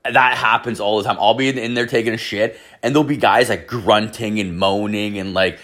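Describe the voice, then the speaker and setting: A man's voice: fairly low pitch, fairly even intonation, fairly quick, a bit bright. A young man telling a crude, rambling story, full of swearing and "like". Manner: profane, rambling, heavy filler "like".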